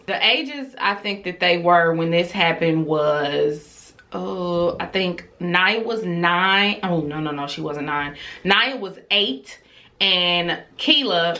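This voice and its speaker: A woman in her thirties telling a family story in a casual, chatty vlog style, talking straight to her viewers. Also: fairly low pitch. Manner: chatty and animated, addresses viewers as y'all; acts out quoted dialogue, dropping to a whisper for her child.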